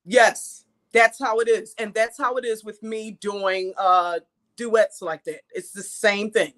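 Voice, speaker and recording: A woman's voice: mid-range voice, fairly even intonation, slow, fairly bright tone. A middle-aged woman, a guest in a casual chat, speaking emphatically and repeating her phrases.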